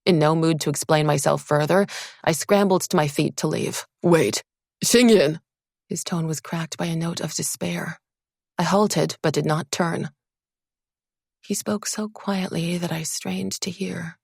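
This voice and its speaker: A woman narrating a first-person fantasy audiobook in a measured, expressive storytelling manner. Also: lowish voice, vocal fry, breathy edge, no room sound, studio quality.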